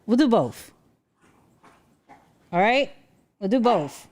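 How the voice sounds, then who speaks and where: A woman's voice: mid-range voice, very animated, slow, darkish tone, a little hiss or hum. A woman hosting a casual livestream from home, chatting with viewers and talking to her dog. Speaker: livestream host.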